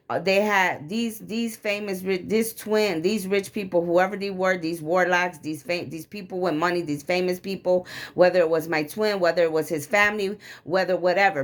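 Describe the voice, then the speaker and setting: A woman with a fairly low-pitched voice pours out a long, agitated confessional rant for her vlog. She rambles from thought to thought and swears freely. She talks like someone who is worked up and speaking straight to her viewers. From Chicago area. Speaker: vlogger.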